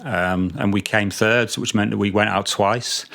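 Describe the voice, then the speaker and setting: A middle-aged man telling stories as a podcast guest, halting with many restarts. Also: lowish voice, fairly even intonation, creaky, a bit bright. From Britain. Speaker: podcast guest, multi-instrumentalist. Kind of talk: casual storytelling interview.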